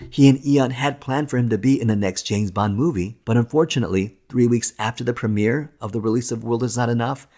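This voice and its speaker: A man narrating a film documentary in a steady, enthusiastic storytelling manner. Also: fairly low pitch. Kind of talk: scripted narration.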